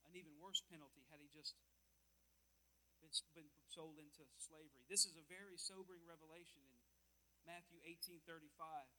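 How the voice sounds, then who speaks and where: A man preaching with a high, sharply cutting voice. He drives each point home with emphasis and repeats words as he goes. He moves around the church and calls out to the congregation. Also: steady tone, fairly quick, pushed and bright, poor audio. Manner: walks about, calls out to listeners. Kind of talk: sermon.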